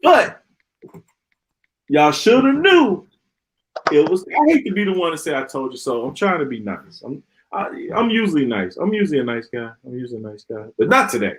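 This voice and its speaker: Man, live stream host, ranting, sarcastic, high voice, swinging pitch. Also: big pitch swings, normal speed, rough recording. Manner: exasperated, sarcastic, repeats himself. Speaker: podcast host.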